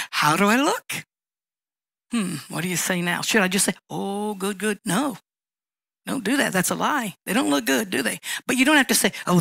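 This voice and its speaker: A woman pastor delivers a sermon with a gravelly, slightly creaky voice. She teaches in a conversational way, reading out Bible verses between plain everyday examples. The sound is close and dry, with no room around it. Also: medium pitch, fairly bright tone, dry recording, poor audio. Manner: conversational teaching, reads scripture aloud, acts out little dialogues.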